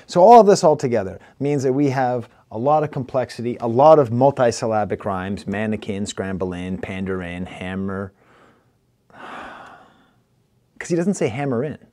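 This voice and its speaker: Animated man with a mellow Rochester accent. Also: mid-range voice, moderate pace. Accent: Rochester, New York. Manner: animated, playful, breaks down rhymes by reciting them. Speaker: music reviewer. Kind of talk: casual spoken album review.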